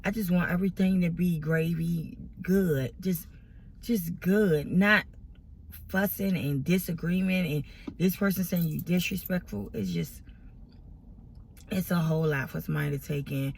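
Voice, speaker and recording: With some slight background noise behind her, a woman speaks in a lowish, gravelly, darkish voice at a slightly slow pace. She's an adult vlogger emotionally venting to camera about family drama, exasperated, near tears, and rambling with many restarts.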